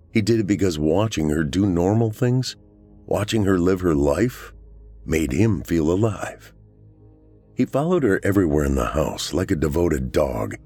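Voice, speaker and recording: A man reading a horror story aloud as the show's narrator, in a measured storytelling manner. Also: sits low, a little mellow.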